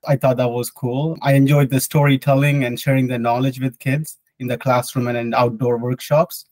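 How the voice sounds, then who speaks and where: A man's voice: medium pitch, little pitch movement, moderate pace, darkish tone, dry recording, rough recording. A young man, an engineer, answering interview questions in a sincere, reflective way. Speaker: hydrological engineer and board member.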